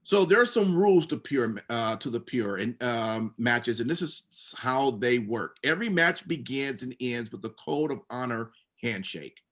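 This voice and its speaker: A man co-hosting a laid-back wrestling podcast, reading out rules and then drifting into loose, filler-heavy talk. His voice sits at an ordinary middle pitch for a man. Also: animated, normal speed, hardly any pauses, a bit bright. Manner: reads rules out then rambles with many fillers. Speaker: podcast co-host recapping wrestling. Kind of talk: casual podcast chat.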